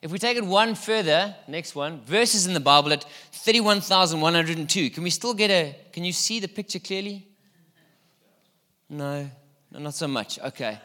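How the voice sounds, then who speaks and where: Middle-aged guy preaching, bright kinda high voice, playful and chatty, long hall echo. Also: animated, moderate pace. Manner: playful, chatty, quizzes the congregation. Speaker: pastor. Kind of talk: sermon.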